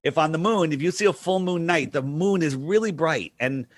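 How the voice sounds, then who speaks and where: A man's voice: on the high side, normal speed, no echo. Earnest man explaining step by step. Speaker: guest. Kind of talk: casual studio discussion.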